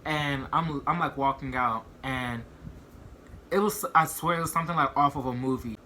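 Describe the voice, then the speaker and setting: Bright-voiced young man telling a story. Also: medium pitch, normal speed, slight background noise. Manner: rambling, heavy use of "like" and "you know what I mean". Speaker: vlogger. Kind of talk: casual storytime.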